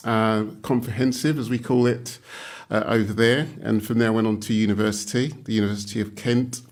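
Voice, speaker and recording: A man's voice: lowish voice, fairly even intonation, a little fast. A middle-aged man from London with an East London accent, chatting easily as a podcast guest with many ums and uhs. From London, England. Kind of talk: casual interview chat.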